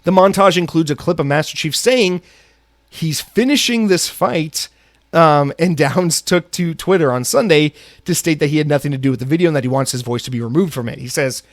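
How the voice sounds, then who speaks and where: A man's voice: fairly high pitch, moderate pace, no room sound, studio quality. A man hosting a solo podcast, from the United States, ranting angrily with heavy profanity. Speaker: podcast host.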